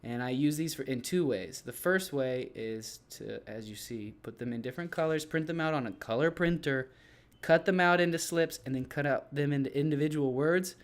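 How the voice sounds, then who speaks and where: A man's voice: fairly high pitch, moderate pace. A man who teaches English, casually explaining his classroom activities to other teachers in a loose, rambling way with frequent restarts.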